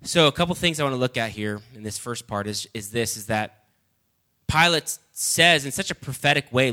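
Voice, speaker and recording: A man preaching a sermon and reading scripture, earnest and halting, often repeating words as he restarts. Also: expressive. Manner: rises loud and high when reading quoted lines.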